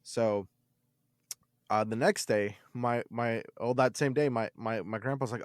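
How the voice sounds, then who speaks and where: A man on a podcast, telling a story from his childhood in an animated, swearing style with lots of repeated words. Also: medium pitch, unhurried, no echo, studio quality. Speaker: podcast host. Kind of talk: casual storytelling.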